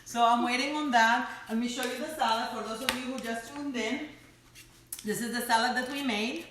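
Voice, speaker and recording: A woman's voice: fairly high pitch, steady tone, fairly quick. A woman hosting a casual home cooking live stream, chatty and teasing, laughing often as she talks to viewers. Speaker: cooking show host. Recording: echoey room with faint noise.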